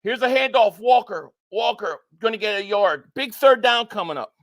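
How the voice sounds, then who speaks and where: High-voiced excitable fan calling the game. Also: male voice. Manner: excitable, quick swings between shouting at calls and flat frustration; repeats himself and stumbles when worked up. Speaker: sports fan streamer reacting live to a game. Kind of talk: live play-by-play reaction and reading viewer chats.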